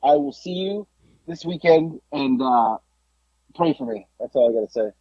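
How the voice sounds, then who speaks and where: Man, husky voice, lively high pitch, anxious, dull lo-fi line from a car. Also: moderate pace, no room sound. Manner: anxious, exasperated, self-mocking. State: nauseous and winded. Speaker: podcast co-host. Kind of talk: casual chat. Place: sitting in his car.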